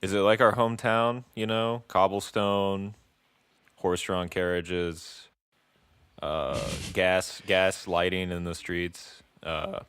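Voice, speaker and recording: A man's voice: low-pitched, level tone, slow, a bit bright, smooth, no echo, studio quality. A man from the US Midwest co-hosting a casual comedy podcast, rambling playfully and laughing often. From Illinois, US Midwest. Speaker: podcast co-host.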